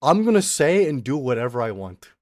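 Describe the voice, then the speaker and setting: A man rants to his stream audience, telling a story in an animated, profane way. His voice sits in the middle of the range and sounds very dry and close, with no room sound. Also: mid-range voice, a little fast, no echo. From Australia. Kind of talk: casual ranting livestream chat.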